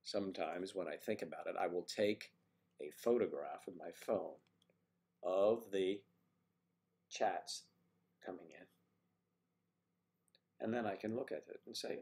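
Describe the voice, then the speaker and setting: A man's voice: low voice, a little slow, gravelly, long pauses, darkish tone. A man with a mid-Atlantic American accent hosting a casual livestream chat, rambling and playful as he tries out other accents. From mid-Atlantic United States. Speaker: livestream host.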